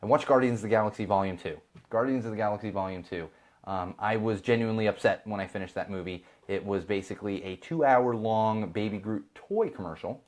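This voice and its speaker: A man in his thirties from Chicago, USA, hosts a podcast with a fairly low, darkish voice and a brisk delivery. It's casual live-stream chatter, full of ranting, sarcastic asides, and impressions of others.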